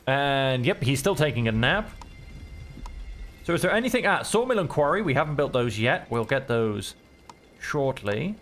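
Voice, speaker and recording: A man giving relaxed, chatty commentary while playing a video game, thinking aloud as he goes. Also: medium pitch. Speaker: gameplay streamer. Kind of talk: relaxed let's-play commentary.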